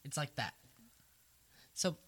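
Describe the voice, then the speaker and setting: A man chatting casually as a podcast co-host, retelling a book and acting out the characters in quick voices. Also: a bit bright.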